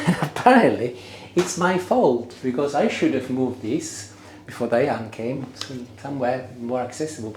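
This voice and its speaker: A man's voice: medium pitch, echoey room, noisy background. A middle-aged man chatting casually through a home DIY job, rambling with lots of fillers. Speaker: homeowner doing DIY. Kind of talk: casual vlog narration. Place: inside a house, bathroom and loft.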